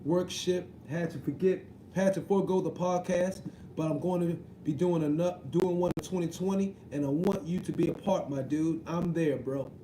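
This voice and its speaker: A man's voice: a little high, steady tone, normal speed, warm tone, echoey room, a little hiss or hum, rough recording. A man, hosting a casual live stream, reading chat messages and joking around with a slangy, easygoing way of talking. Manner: joking, slangy, repeats "you know what I mean". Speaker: livestream host reading chat.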